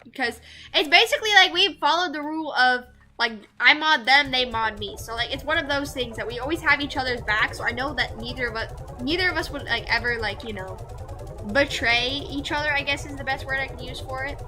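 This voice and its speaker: Speaking briskly in a high voice, a young VTuber streamer chats with her viewers while she plays. Her live-stream talk is casual and rambling, heavy on fillers.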